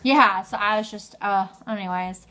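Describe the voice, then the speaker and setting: A young adult woman vlogging in a casual, chatty way, telling her story with animated energy and the odd swear word. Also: medium pitch, normal speed. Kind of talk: casual chat.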